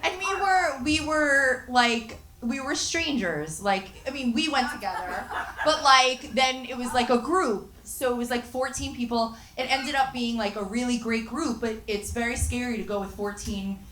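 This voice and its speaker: A woman's voice: fairly high pitch, moderate pace, a bit bright, echoey room, a little hiss or hum. A young woman hosting a live comedy show, bantering brashly on a handheld mic and swearing freely. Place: small comedy venue with live audience. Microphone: handheld stage mic.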